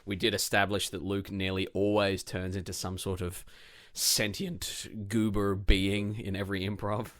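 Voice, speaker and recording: A man's voice: on the low side, moderate pace. A man co-hosting a tabletop roleplay podcast, chatting casually and joking with laughter. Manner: jokey, laughing, animated. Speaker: podcast co-host and game master. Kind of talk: casual banter.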